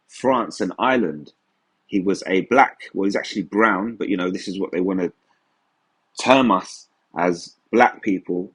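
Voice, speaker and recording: A man's voice: low-pitched, slightly rough. A man giving an informal religious teaching in a conversational way, often saying "you know". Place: England.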